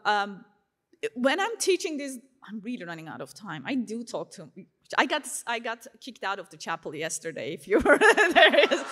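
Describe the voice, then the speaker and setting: A woman tells her life story to a crowd at a conference. Her voice sits a little on the high side, and she talks freely, filling her sentences with "you know" and "like". She acts out her own past thoughts as quick little asides. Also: bright, forceful tone. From Turkey. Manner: frequent fillers like "you know" and "like". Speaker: speaker sharing her faith testimony. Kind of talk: conference talk to a live audience.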